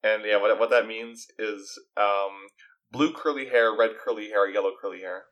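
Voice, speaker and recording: A man's voice: fairly low pitch, steady tone, moderate pace, fairly bright tone. A man hosting a podcast in casual chat, setting up clips and explaining their meaning, laughing often. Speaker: podcast host presenting clips.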